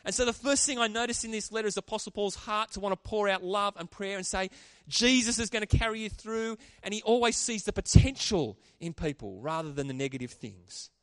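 Animated male preacher, dry close sound. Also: high-pitched, a little fast, hardly any pauses, no echo. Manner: animated, calls for responses from the congregation. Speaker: pastor. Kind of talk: sermon.

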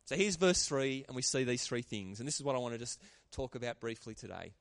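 A man preaching a sermon, animated and calling out to the congregation for responses. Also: mid-range voice, brisk, gravelly, no echo. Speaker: pastor.

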